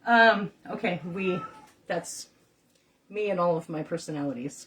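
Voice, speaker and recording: Lowish in pitch with a fairly bright tone, a middle-aged home cook vlogger speaks at a measured pace from a distance to the mic. She chats directly to viewers, wandering through stories while she cooks in her kitchen.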